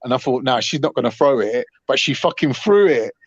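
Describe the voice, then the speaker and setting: A man telling a story to a live panel, animated and swearing freely. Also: medium pitch, brisk, breathy edge, no room sound. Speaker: panel host. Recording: dull, dry online stream audio.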